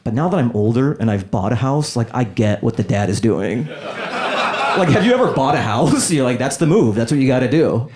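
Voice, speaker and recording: A man in his thirties doing a stand-up comedy set, animated and acting out characters in quick voices. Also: medium pitch, noisy background. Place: comedy club stage before a laughing audience. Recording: live club set with loud crowd laughter.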